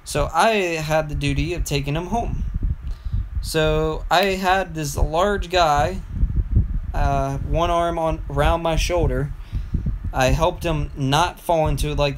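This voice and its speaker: A man's voice: a little high, background noise. Young man rambling on a livestream. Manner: meandering storytelling with frequent restarts. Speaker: gaming livestreamer. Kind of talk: casual rambling livestream chat.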